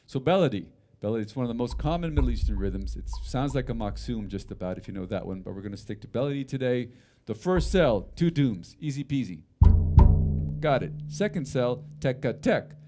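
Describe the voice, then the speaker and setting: A man's voice: lowish voice, dark tone. Upbeat man chanting drum syllables. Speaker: percussion teacher. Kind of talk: livestreamed rhythm class.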